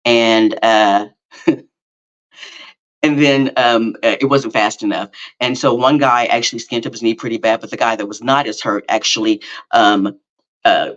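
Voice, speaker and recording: A man's voice: medium pitch, a little slow, long pauses. Middle-aged man rambling through a story. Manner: rambling, with many fillers and self-corrections; animated, self-mocking storytelling. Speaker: podcast host. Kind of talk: casual storytelling monologue. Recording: slightly dull lo-fi audio.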